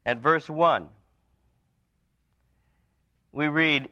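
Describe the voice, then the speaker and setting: A man preaching a sermon, telling stories and dropping to soft, emphatic lines. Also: mid-range voice, normal speed, no echo. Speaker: pastor. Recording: dull lo-fi recording.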